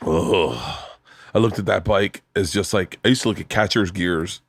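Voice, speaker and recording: Low-voiced podcast host, excitable and profane. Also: male voice, moderate pace, slightly rough, no echo. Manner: excitable, profane storyteller who laughs easily. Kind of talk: casual chat.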